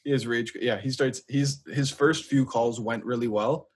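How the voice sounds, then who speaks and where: A man's voice: medium pitch, fairly even intonation, normal speed, slightly rough. A man co-hosting a podcast, animatedly telling a story and acting out both sides of a phone call. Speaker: podcast co-host. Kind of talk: casual chat, storytelling.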